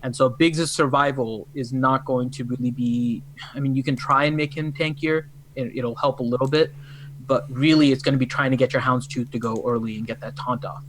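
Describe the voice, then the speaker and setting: A man's voice: medium pitch, fairly even intonation, brisk, fairly bright tone, a little hiss or hum, poor audio. A man co-hosting a casual gaming livestream, explaining strategy in an easygoing, joking way. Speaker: co-host.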